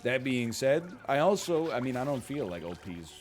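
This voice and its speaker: A man's voice: mid-range voice, moderate pace, faint music behind. Guy reading a story out then riffing on it, chatty and rambling, bouncy voice. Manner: animated, rambling, frequent fillers and laughs. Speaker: commentator reading a post. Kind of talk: casual reaction commentary.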